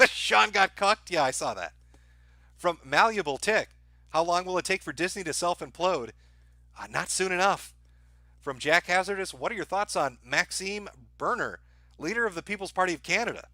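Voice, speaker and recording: A male stream host working through viewer donation messages, reading them in a dry, offhand manner with plenty of "uh"s and crude asides. His voice sits a bit high for a man and has a bright, sharp edge. The sound is close and dead, with no room around it. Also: no room sound. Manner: crude, irreverent humor. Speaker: livestream host.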